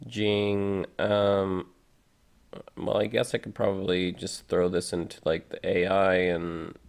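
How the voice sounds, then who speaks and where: A man's voice: deep voice, level tone, slow pace, vocal fry, smooth. A man hosting a live reaction stream, chatting casually and reading viewer comments aloud.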